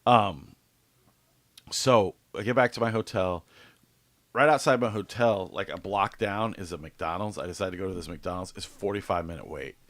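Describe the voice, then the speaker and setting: A man in casual podcast chat, telling a story in an animated, profane way and acting out the people in it. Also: low-pitched, moderate pace, dry recording. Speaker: podcast host.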